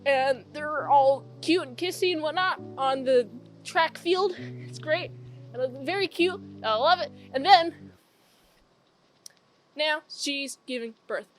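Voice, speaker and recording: Young woman w a high voice rambling thru a movie plot, swears a bit, slow talker. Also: soft background music. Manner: rambling plot retelling with swearing and giggly asides. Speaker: movie reviewer. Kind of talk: casual movie review recap.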